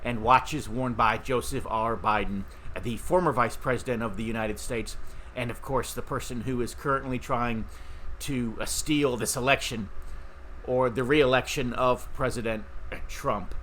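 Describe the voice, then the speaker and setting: Middle-aged man, podcast host, bright tone, chatty and rambling, faint background noise. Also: medium pitch, unhurried. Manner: rambling, chatty, with fillers and restarts. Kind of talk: casual talk to camera.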